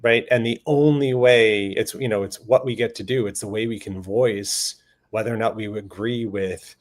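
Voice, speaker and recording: A man speaking as a panel guest in a casual discussion, earnest and animated, slipping quick quoted asides into his stories. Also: fairly low pitch. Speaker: panel guest on voting and redistricting.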